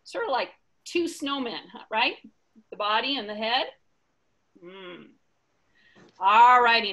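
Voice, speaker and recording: A woman's voice: on the high side, pushed and bright. A woman educator leading a children's drawing lesson, encouraging and full of praise as she explains each step. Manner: encouraging, slow and sing-song, praises often.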